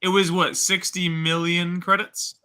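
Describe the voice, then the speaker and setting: A man co-hosts a casual review chat, jokey and quick to laugh. His voice is very bright and sharp and sits a bit high. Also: flat delivery, clear, resonant tone. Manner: jokey, adds trivia and laughs often. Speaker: co-host.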